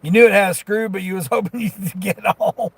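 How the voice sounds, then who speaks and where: A man's voice: sits high, fairly even intonation, fairly quick, a little hiss or hum. Folksy man chatting live from his car. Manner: folksy, rambling, chuckles often. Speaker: delivery driver livestreaming to chat. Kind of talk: casual live-stream chat. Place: inside his vehicle.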